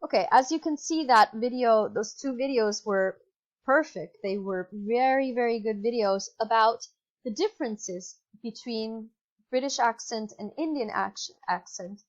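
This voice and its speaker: An English teacher with an Italian accent gives a recorded online lesson, patient and instructive, using fillers and correcting herself. Her voice is a little high and a little slow, captured on a dull lo-fi computer mic.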